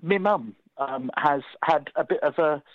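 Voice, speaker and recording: Bloke cohosting, a bit high, chatty, dry and muffled. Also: male voice, measured pace, dry recording. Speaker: podcast co-host. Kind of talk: casual chat.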